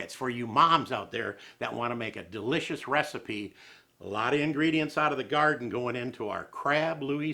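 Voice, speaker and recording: Bright folksy man cooking. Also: medium pitch. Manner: chatty, joking, down-home. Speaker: cooking show host.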